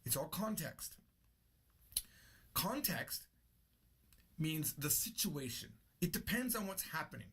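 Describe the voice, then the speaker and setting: A man's voice: on the high side, very animated, slow, long pauses, fairly bright tone, slightly rough. A man teaching an unscripted language lesson, explaining patiently and repeating his key points. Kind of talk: unscripted classroom-style lesson.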